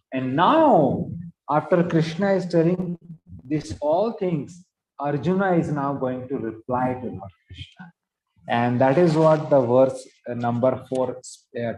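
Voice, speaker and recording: A man giving a scripture lecture, explaining emphatically and chanting verses slowly. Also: mid-range voice, a little mellow, slight background noise. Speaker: scripture teacher. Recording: roomy, slightly dull sound.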